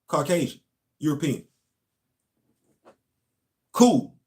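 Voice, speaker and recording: A man's voice: fairly high pitch, very animated, slow, a little mellow. A man, a show host and former Marine, telling a long casual story and asking his listeners rhetorical questions.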